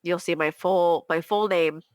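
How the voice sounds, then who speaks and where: A young woman co-hosting a podcast, telling a story in casual chat, animated, laughing often and acting out quotes in high voices. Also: unhurried, smooth, no room sound. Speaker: podcast co-host.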